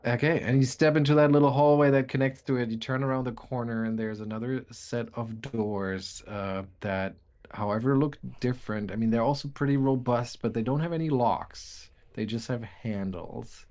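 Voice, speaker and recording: A man narrating as game master of a tabletop game, describing rooms in a relaxed way with frequent fillers. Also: medium pitch, normal speed.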